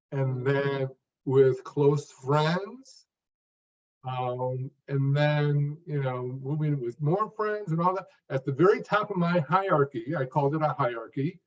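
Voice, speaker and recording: A man answering interview questions in a measured, earnest way, speaking phrase by phrase with pauses. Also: medium pitch, a little mellow. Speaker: guest, stuttering coach. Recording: distant, dull lo-fi audio.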